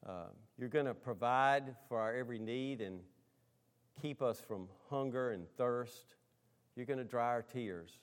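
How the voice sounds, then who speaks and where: A male pastor, medium in pitch and unhurried, speaks directly to his congregation in a conversational sermon. Some lines land with loud emphasis, while others fall to a hush that's nearly a whisper.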